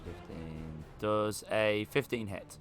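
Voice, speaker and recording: A man's voice: fairly low pitch, slow pace, over music. A man playing a tabletop game, talking casually and rambling with laughs. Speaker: player.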